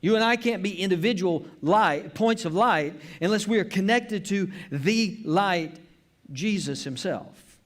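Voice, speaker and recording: Slow, earnest male pastor preaching. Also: high voice, animated. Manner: earnest, emphatic, repeats key phrases. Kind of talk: sermon. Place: church worship service.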